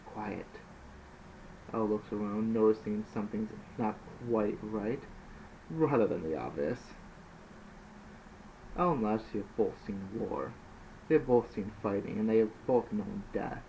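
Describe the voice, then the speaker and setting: A man's voice: lowish voice, unhurried, creaky, darkish tone. A man reading his own story aloud as an amateur audiobook narrator, plainly and with occasional slips. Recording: dull lo-fi with faint hiss.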